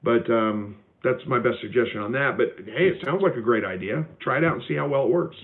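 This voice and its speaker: A man hosts a relaxed live Q&A, talking at an everyday pitch and stumbling through fillers and restarts as he answers viewers. The sound is thin and tinny, like a phone line. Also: brisk, creaky. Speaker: homestead livestream host. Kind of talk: casual live Q&A reading viewer comments.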